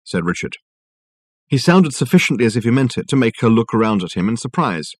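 A man narrating a novel as an audiobook reader, measured and wry. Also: mid-range voice, sing-song, husky, dry recording. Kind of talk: scripted narration.

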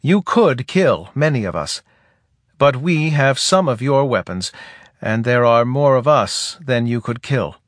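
Guy reading as a quiet alien forest chief, slow and measured, kinda sing-song, dry close sound. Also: mid-range voice, animated, no room sound, natural voice. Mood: calm, grave. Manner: soft, measured, faintly singing speech. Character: calm grave male alien forest native leader. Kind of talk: audiobook character reading.

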